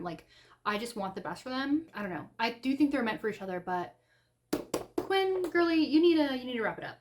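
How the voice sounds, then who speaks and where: A young woman vlogging about the books she is reading, chatty and gushing, with lots of "like" in her talk. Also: medium pitch. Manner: chatty and gushing, heavy use of "like". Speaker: book vlogger. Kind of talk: casual reading vlog.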